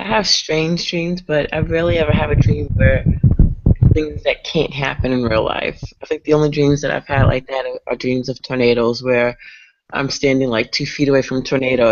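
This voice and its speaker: A book club member talking casually in a group discussion, giving calm, brief replies. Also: medium pitch, normal speed. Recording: dull lo-fi sound with faint noise.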